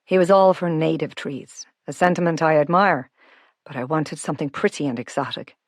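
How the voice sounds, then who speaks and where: A woman voicing a friendly, teasing, self-made wealthy Irish man in an audiobook, speaking softly. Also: low-pitched, normal speed, no room sound, studio quality. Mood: wry. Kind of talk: audiobook character voice.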